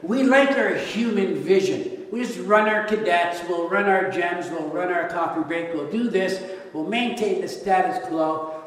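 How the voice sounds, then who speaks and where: A man's voice: high-pitched, measured pace. A man preaching a sermon over slides, joking and firing rhetorical questions at his congregation. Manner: animated, jokey, rhetorical questions. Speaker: pastor. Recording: echoey hall from far off.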